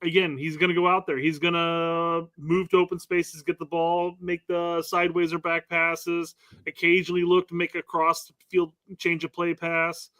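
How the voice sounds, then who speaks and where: A man co-hosting a casual sports talk show, explaining his view in a measured way. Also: on the high side, completely flat delivery, sharp tone, no echo. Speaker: podcast co-host.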